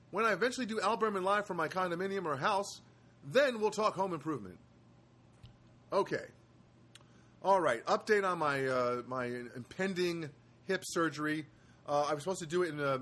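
A man's voice: fairly high pitch, fairly bright tone. A man hosting his own show from a studio apartment, telling stories in a rambling casual monologue with wry asides and many hesitations.

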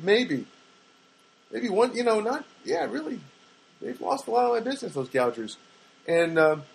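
An older man talks through a casual solo podcast in a husky voice. He tells everyday anecdotes in a rambling way and often stops to correct himself. He adds wry asides as he goes. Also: a little high. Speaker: podcast host.

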